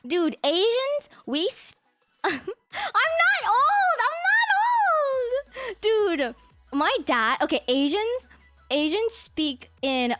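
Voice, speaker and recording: Giggly high-voiced woman streamer. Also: no echo. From United States. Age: young adult. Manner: giggly, animated, mimics her parents' exclamations. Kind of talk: casual chat. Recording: faint music behind.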